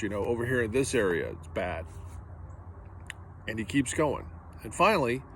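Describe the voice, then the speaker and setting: A man's voice: mid-range voice, fairly bright tone, a little hiss or hum. A man preaching a sermon as pastor, earnest and direct, driving points home with repetition.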